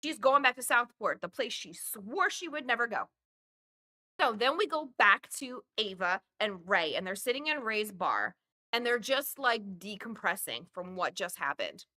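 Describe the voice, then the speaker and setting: A woman's voice: medium pitch, normal speed. A woman hosting a podcast, casually retelling a movie plot with lots of swearing and acted-out voices. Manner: animated storytelling, acts out characters, swears freely. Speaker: podcast host. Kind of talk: casual movie review chat.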